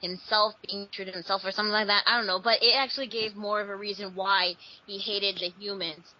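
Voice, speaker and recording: A woman's voice: mid-range voice, steady tone, a little fast. A woman chatting casually in a group, rambling with many fillers. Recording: dull lo-fi recording.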